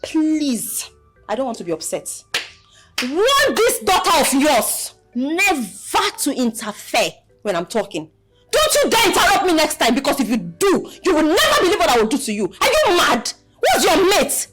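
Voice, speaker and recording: A bold, quick-tempered young Nigerian village woman scolds and pleads emphatically. Her voice is high and swings widely in pitch. Loud film music plays underneath. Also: wildly swooping pitch. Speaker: outspoken young woman defending the tenant. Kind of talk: Nollywood film acting.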